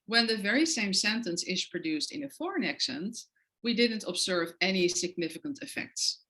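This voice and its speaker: A woman's voice: medium pitch, lively intonation, normal speed, bright, forceful tone, rough recording. A woman with a non-native English accent giving an academic lecture, explaining her research with frequent hesitant fillers. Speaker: guest lecturer.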